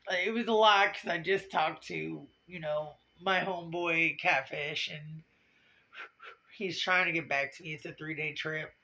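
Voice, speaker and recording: In a low-quality, lo-fi confessional vlog, a woman in tears rambles with blunt profanity. Her delivery is measured and steady, with a bright, forceful tone.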